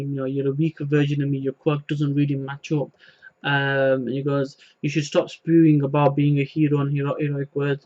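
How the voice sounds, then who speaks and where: A man's voice: fairly high pitch, darkish tone, highs cut off. A man casually recapping a manga chapter, rambling with many fillers and retelling the dialogue. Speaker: manga reviewer.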